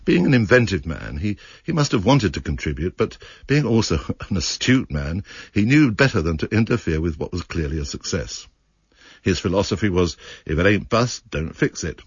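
A man with a very deep, husky voice reads his memories in a measured, fond manner. The recording is dry and muffled, like an old archive tape. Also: very animated, dry recording. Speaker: comedy writer reminiscing. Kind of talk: read memoir narration.

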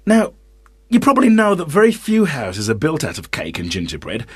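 A man's voice: fairly high pitch, huge pitch swings, moderate pace, slightly rough, no echo. A man narrating a children's story, with playful, wry asides to the listeners.

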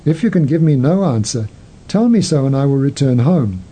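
A man voicing an earnest king who pleads respectfully for answers, in a husky voice. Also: mid-range voice, lively intonation, moderate pace, warm tone. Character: earnest young male king seeking answers.

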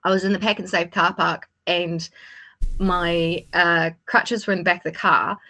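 Sarcastic woman telling lively stories. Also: lowish voice, measured pace. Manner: sarcastic, animated anecdote telling with acted-out quotes. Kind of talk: casual radio chat, storytelling.

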